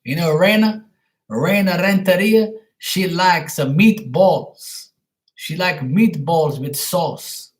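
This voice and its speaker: A man's voice: high voice, takes it slowly. A man voicing a boastful Italian pizza cook in jokey broken English with a put-on Italian accent.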